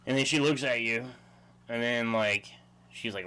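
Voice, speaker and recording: Man, casual livestream host, rambling, laughs often, average pitch. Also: fairly quick, bright, forceful tone. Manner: rambling, chuckling, reads chat aloud.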